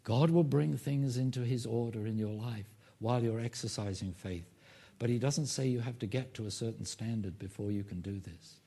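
A man preaching a sermon as pastor, emphatic, rising loud on key phrases and dropping low to make a point. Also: normal speed, vocal fry, few pauses, slightly rough.

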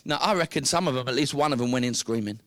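A British man preaching a sermon, telling the story with lively, acted-out dialogue. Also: mid-range voice, quick pace, no echo, studio quality. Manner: animated storytelling, acting out the characters.

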